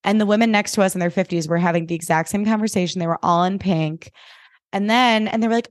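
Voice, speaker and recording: A woman's voice: medium pitch, fast talker, no echo, studio quality. Chatty, emphatic woman podcast co-host. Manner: chatty, emphatic, swears freely. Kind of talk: casual chat.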